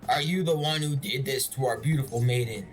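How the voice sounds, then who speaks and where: A man's voice: medium pitch, fairly quick, close to an everyday voice. A man reading the lines of a desperate, devoted male cult follower in a game, pleading and anguished. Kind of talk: voiced reading of game dialogue.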